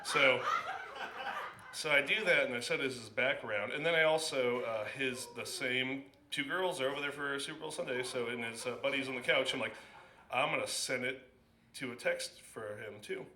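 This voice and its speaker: A man's voice: medium pitch, pushed and bright, a little hiss or hum. Rambling stand-up man in an echoey club. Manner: rambling, halting, with many restarts and fillers. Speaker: open mic comedian. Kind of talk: stand-up storytelling. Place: small comedy club.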